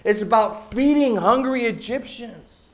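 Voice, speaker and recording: A man preaching a sermon, using emphatic repetition and dropping from loud, stressed phrases to hushed asides. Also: extremely high pitch, animated, measured pace. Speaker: pastor.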